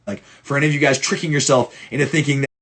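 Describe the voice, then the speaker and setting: With a steady, fairly bright, medium-pitched voice and a quick pace, a man reviews film for football-playing clients in a casual way. He's blunt and profane, stumbling, restarting often, and repeating words for emphasis.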